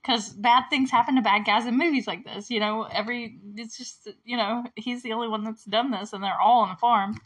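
A woman's voice: a little high, steady tone, fairly quick, hardly any pauses, fairly bright tone. Chatty giggly woman recapping a movie. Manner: chatty, full of "like" and "you know", giggly, acting out quotes. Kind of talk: casual movie recap chat.

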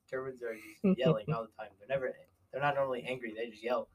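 A man's voice: mid-range voice, fairly even intonation, fairly quick, crowd noise. A young American man in casual chat with friends, joking and laughing often. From United States.

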